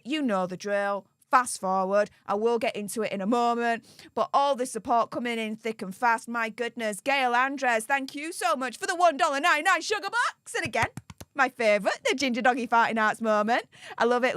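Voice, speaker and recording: A woman's voice: on the high side, a bit bright, clean tone, dry recording, clean studio sound. A woman hosting a live-stream commentary, chatty and gushing in her thanks to viewers. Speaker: livestream commentary host.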